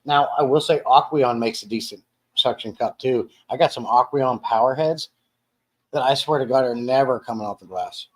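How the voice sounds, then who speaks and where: A man's voice: medium pitch, normal speed. A man hosting a casual live stream from his dining room at home, reading viewer comments aloud and rambling with frequent restarts and repeated words.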